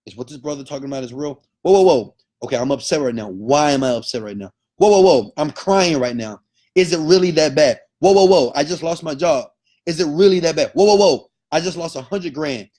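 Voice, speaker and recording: A man voicing a panicking man talking himself down, exclaiming and questioning in a husky voice, higher and louder than his own. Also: fast, natural voice. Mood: alarmed. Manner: exclaiming, repeated whoa, questioning.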